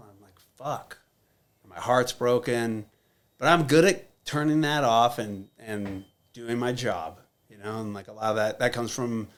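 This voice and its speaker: Speaking in a fairly low voice, a man in his thirties appears as a podcast guest and recounts a personal story with frank candor, frequent profanity, and many filler words.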